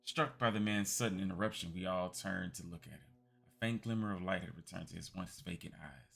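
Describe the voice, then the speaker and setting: Deep, gravelly man reading a story. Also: fairly quick, fairly bright tone. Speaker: streamer. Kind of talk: reading a text game aloud as a bedtime story.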